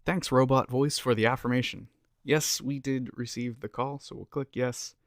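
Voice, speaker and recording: A man's voice: mid-range voice, steady tone, normal speed, no echo, clean studio sound. A man presenting a casual, upbeat screencast walkthrough as a developer tutorial host.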